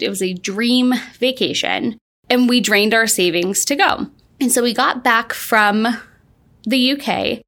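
A woman in her thirties, a podcast host and launch coach, tells her personal story in a bright, fairly high voice. She's upbeat and chatty, laughing often and saying "like" a lot.

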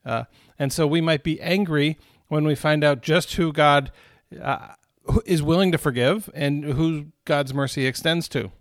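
A man's voice: a little high, measured pace, no room sound, studio quality. A man leading a recorded Bible study, teaching in an earnest, conversational way with frequent asides to his listeners.

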